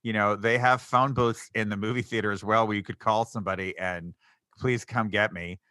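Man, crisp bright tone, dry close mic, wry nitpicky podcast co-host. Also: lowish voice, fairly even intonation, a little fast, dry recording. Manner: sarcastic, nitpicky, laughs often. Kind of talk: casual chat recapping a TV show.

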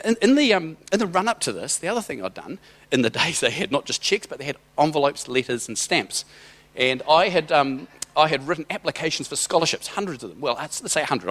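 A man's voice: medium pitch, fairly bright tone. A middle-aged man giving a sermon as a personal story, conversational and rambling, with hesitant restarts. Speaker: church speaker.

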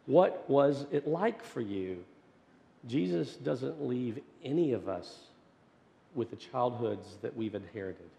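Pastor storytelling in a reverberant hall. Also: male voice, medium pitch. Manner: animated storyteller, swinging from loud to hushed. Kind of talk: storytelling sermon. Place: church sanctuary.

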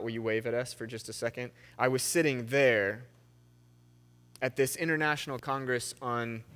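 A man's voice: mid-range voice, pushed and bright. A young man preaching in a church sanctuary, reading scripture with shifting emphasis and then telling a story in a conversational way. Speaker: pastor. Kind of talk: sermon.

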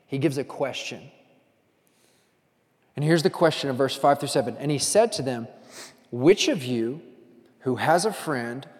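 Animated preacher in a reverberant hall. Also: male voice, medium pitch. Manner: conversational, animated storytelling with asides to the congregation. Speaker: pastor. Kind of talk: sermon.

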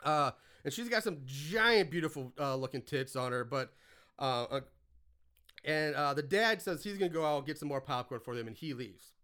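A man's voice: a little high, animated, moderate pace, sharp tone. A man hosting a podcast, casually recapping a movie in a laid-back, crude and laughing way. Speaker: podcast host.

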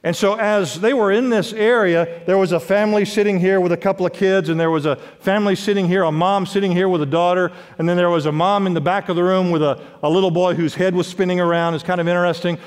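A man preaching a sermon as pastor, emphatic, with wide swings in pitch and loudness, in a large church. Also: steady tone, quick pace, few pauses, clean tone. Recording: long hall reverb.

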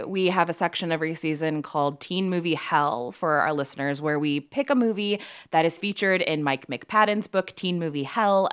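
A woman co-hosting a podcast, chatting in a casual, enthusiastic way. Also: on the low side. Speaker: podcast co-host.

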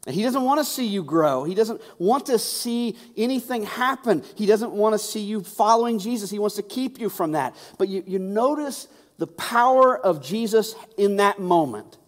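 High-voiced pastor preaching in a reverberant hall. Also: male voice, animated, normal speed, few pauses. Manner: conversational, repeats words when emphasizing. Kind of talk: sermon.

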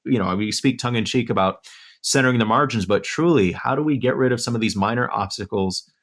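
A man's voice: mid-range voice, quick pace, a bit bright. A man being interviewed as an author and educator, laying out his points in order in an earnest, thoughtful way. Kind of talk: conversational interview. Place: Durham area.

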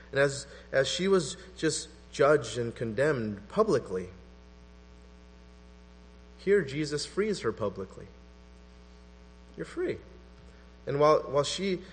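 A man preaching a sermon in an animated, conversational way, acting out quotes as he goes. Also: medium pitch, husky. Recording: long hall reverb with mains hum.

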